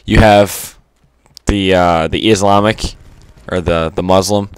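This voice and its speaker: A man's voice: deep voice, steady tone, takes it slowly, clear, resonant tone, no room sound. A man giving unscripted gameplay commentary, rambling and stuttery with lots of fillers and casual swearing. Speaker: gaming commentator.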